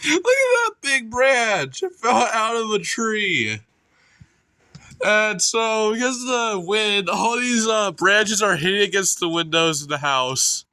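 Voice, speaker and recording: Excitable, congested young man vlogging a storm. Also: high voice, clean tone. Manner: rambling, excitable, self-correcting. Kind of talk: casual narration while filming a storm. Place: indoors at home by windows.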